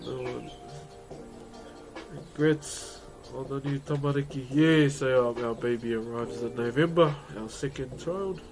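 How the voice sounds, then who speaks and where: A man's voice: medium pitch, measured pace, music in the background. A young man with a New Zealand accent chatting casually while streaming, joking, swearing and laughing often as he carves wood. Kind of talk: casual live-stream chat.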